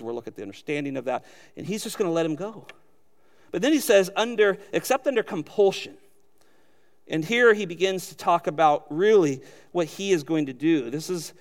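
A male pastor preaching a sermon, animated, acting out quoted voices as he goes. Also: on the high side, in a large hall.

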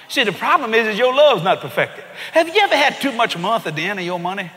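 High-pitched exuberant preacher man. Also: expressive, fairly quick, hardly any pauses. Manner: exuberant, shouting, laughing, acting out voices. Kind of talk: comedic sermon. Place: large church auditorium. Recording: echoey church hall, live crowd.

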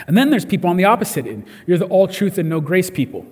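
A man's voice: high voice, very animated, fast talker, few pauses, darkish tone, husky, big-room sound. A man preaching a sermon in a conversational way, often restarting his words. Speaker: pastor. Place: church service.

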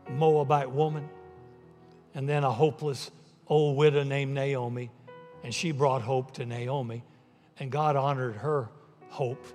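A male pastor preaching a sermon, telling a story that builds to emphatic peaks and then drops soft. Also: a little high. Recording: long reverb of a large hall.

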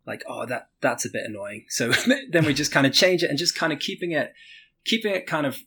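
A man's voice: on the high side, expressive, fairly quick, pushed and bright, slight background noise. A man who is a game developer, speaking as a podcast guest in a loose, rambling way full of filler words. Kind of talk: casual interview.

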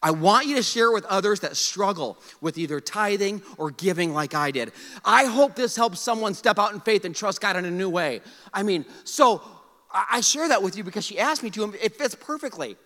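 A male pastor preaching with a high, bright voice that swings widely in pitch. He is energetic and playful, joking and calling on the congregation to respond. His voice carries a long reverb from a large church hall. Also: a little fast. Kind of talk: sermon. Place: church sanctuary.

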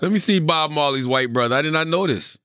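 A man's voice: on the high side, fast, bright, forceful tone, clear, resonant tone, no echo, studio quality. A man co-hosting a podcast, teasing and laughing often in casual comedic banter. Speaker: podcast co-host.

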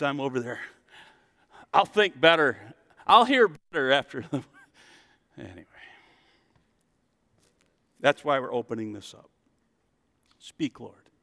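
A male pastor giving a jokey, animated sermon in a church, acting out the story as he goes. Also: a little high, long reverb tail.

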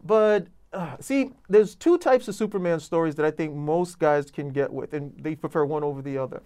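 A man's voice: on the high side, moderate pace, a little mellow, clear, resonant tone. A man reviewing comic books in casual chat, enthusiastic and rambling with lots of fillers.

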